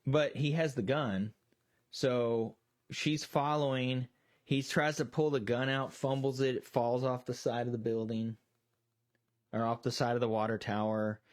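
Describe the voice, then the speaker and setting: A man's voice: mid-range voice, fairly even intonation, a little slow. A man co-hosting a casual movie discussion, retelling scenes with lots of swearing and quoted voices. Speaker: podcast co-host.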